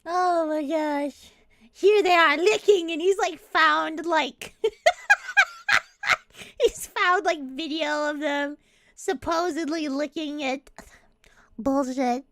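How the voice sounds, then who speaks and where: A woman's voice: sits high, takes it slowly, pauses often, background noise. A woman streamer in casual chat, laughing and swearing while reading comments aloud into a close desk mic.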